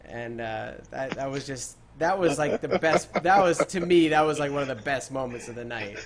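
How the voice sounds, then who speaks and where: A man's voice: medium pitch, moderate pace, crowd noise. A young man hosting a casual gaming podcast, telling stories with lots of fillers and bursts of laughter. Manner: laughing, excitable storytelling with many fillers. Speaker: podcast host.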